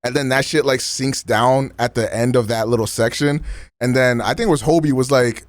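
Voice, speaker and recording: A man's voice: medium pitch, a little fast, no echo. Slangy casual male streamer. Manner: loose and slangy, lots of "like" and restarts.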